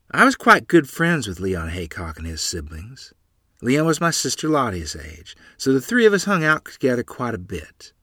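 Brief: man narrating a memoir, animated pitch, dry close sound. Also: dry recording. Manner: lively storytelling. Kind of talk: reading a memoir story aloud.

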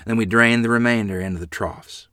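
A man narrating a read-aloud story in an expressive, good-humored manner. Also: lowish voice, fairly quick, no room sound, clean studio sound.

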